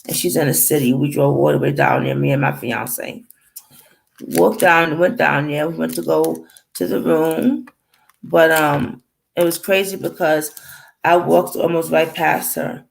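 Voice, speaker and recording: In a poor-quality recording with slight background noise, a woman with a deep, unhurried voice and vocal fry shares an emotional personal story. She rambles through a painful family account to the camera, holding back tears while acting out what people said.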